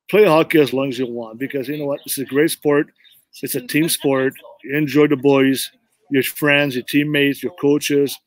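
A man's voice: mid-range voice, no echo. A middle-aged man, a former pro hockey player, telling his career story in an interview with earnest, emphatic phrasing. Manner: earnest, repeats "you know what" for emphasis.

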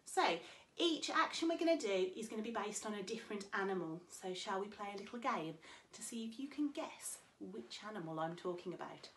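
A woman's voice: mid-range voice, lively intonation, a little fast, a bit bright, a little hiss or hum. A woman in her thirties, a swimming teacher, leading small children through a playful lesson in a cheerful, sing-song way. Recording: echoey room.

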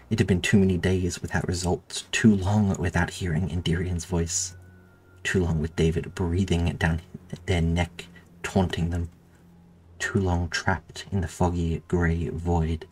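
A man reading his own story aloud in a steady, measured narration. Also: deep voice, husky. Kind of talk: audiobook narration.

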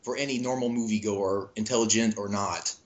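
A man's voice: lowish voice, steady tone, fairly quick. A man co-hosting a casual podcast, reading aloud a crude, escalating comic rant he wrote. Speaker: podcast co-host.

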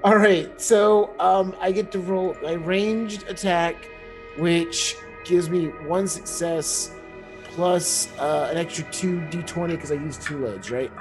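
A man's voice: on the high side, slow, low-quality recording. A man playing a tabletop game, talking hesitantly with many fillers. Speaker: player. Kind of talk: casual tabletop game play. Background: background music.

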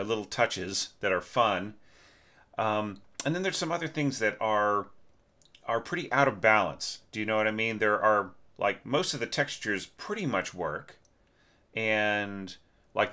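A man teaching orchestration, talking through a student's score in a casual, conversational way with lots of fillers, while congested and clearing his throat. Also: lowish voice, sharp tone. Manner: conversational, many fillers and tag questions. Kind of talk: casual spoken score critique.

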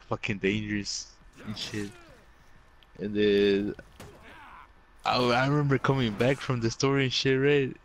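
A man's voice: lowish voice, a little hiss or hum, poor audio. A young man telling rambling childhood stories to friends in casual chat, full of swearing and fillers. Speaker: storyteller among friends.

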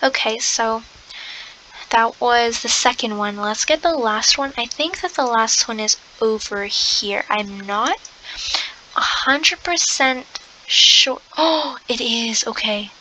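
A young woman commenting on her game play, excitable, gasping often and slipping into soft half-whispered asides. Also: a little high, slow pace, a little hiss or hum, low-quality recording. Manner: excitable, gasping, lots of exclamations. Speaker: gamer.

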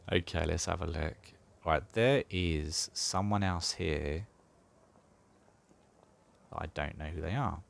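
Gravelly and low, this man takes his time with long pauses as he narrates his moves in a strategy game. He hosts a gaming channel and thinks out loud casually, his humor dry and sarcastic.

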